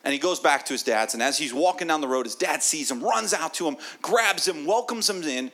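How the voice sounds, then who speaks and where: A man preaching a sermon as a guest speaker in a church, telling a story with animated energy and dropping into soft, earnest asides. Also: on the high side, moderate pace, hardly any pauses.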